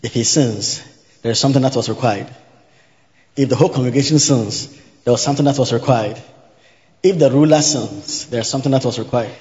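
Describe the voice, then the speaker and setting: A man's voice: medium pitch, fairly quick, pauses often, darkish tone. A man preaching a sermon to a congregation. He teaches by repeating each point and often asks whether his listeners are following, with an occasional hallelujah. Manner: teaching by repetition, asking the congregation if they follow; interjects hallelujah. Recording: dull, reverberant hall recording.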